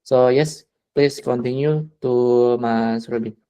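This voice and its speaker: A man moderating an online work meeting, talking slowly with many hesitant fillers over a video call. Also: mid-range voice, fairly even intonation, warm tone, smooth, low-quality recording.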